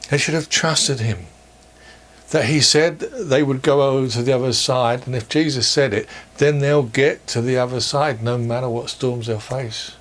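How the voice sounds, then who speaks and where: A man preaching a sermon for online worship, measured and earnest, posing questions to his listeners. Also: mid-range voice. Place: church or home, recorded for online worship.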